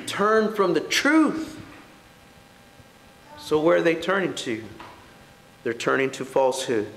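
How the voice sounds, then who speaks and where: Casting: earnest preacher, high voice, rhetorical questions, echoey church. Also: male voice. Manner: earnest, rising to emphatic peaks, rhetorical questions. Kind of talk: sermon. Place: church hall.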